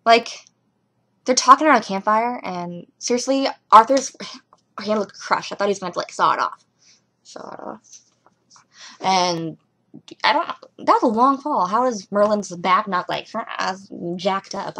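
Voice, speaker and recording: A young woman talks loosely and at length about a show, jumping between thoughts with giggles and lively asides. Her voice sits at a middling pitch. She records casually at home on a webcam. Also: moderate pace. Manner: rambling, giggly, animated asides. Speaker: vlogger reviewing a TV episode. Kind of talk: casual rambling chat.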